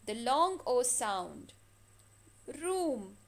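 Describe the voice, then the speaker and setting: A woman teaching a phonics lesson to children, stretching and repeating each word slowly for practice. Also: fairly high pitch, big pitch swings. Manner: slow, drawn-out words repeated for practice.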